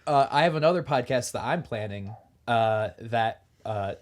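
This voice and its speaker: A man's voice: medium pitch, lively intonation, moderate pace. A man playing in a tabletop game, goofy and laughing often, slipping into silly voices. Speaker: player. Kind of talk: casual tabletop game banter.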